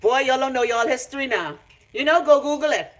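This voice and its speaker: A woman's voice: high-pitched, a little fast. A Bahamian woman ranting on a phone live stream from her home, brash, profane and mocking. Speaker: vlogger.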